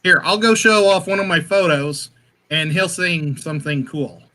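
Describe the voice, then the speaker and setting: A man's voice: on the high side, moderate pace, bright, forceful tone. A man chatting as a guest on a casual livestream, giggly and a bit scattered.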